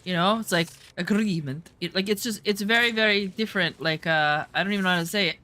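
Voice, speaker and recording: A woman's voice: mid-range voice, brisk, pushed and bright. A woman in casual chat, reacting to a show, rambling with lots of "like" and restarts.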